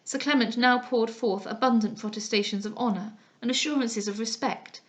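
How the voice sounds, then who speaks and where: A woman narrating a classic novel aloud in a measured, expressive way. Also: on the high side. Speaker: audiobook narrator.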